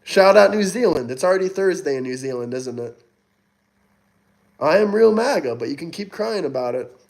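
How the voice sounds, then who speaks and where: Reading chat on his casual livestream, a young man responds to each viewer in turn, expressive and at a moderate pace. He sounds fairly high-pitched, taunts and mocks people, and swears freely.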